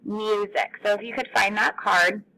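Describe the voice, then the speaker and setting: A woman teacher giving a phonics lesson to young children, stretching out words slowly. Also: medium pitch, fairly even intonation, creaky, pushed and bright, rough recording.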